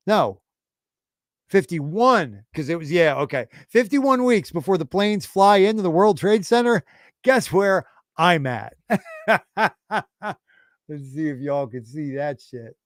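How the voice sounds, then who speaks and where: A man in his forties hosting a livestream, telling a rambling, profane story in a casual, animated way. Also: on the high side, slow, no echo, studio quality. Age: 40s. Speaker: livestream host.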